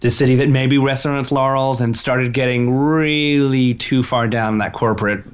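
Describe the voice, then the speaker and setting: A man's voice: medium pitch, steady tone, normal speed, clean tone. A man talking as a podcast guest, agreeable and enthusiastic, laughing easily. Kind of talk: casual interview chat.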